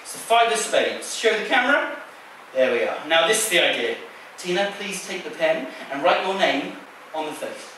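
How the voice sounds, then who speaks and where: Playful stage magician in an echoey theater. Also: male voice, high voice, animated, moderate pace, hardly any pauses, pushed and bright, a little hiss or hum. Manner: playful, teasing patter with a volunteer. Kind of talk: live stage magic patter. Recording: echoey theater sound from a distance.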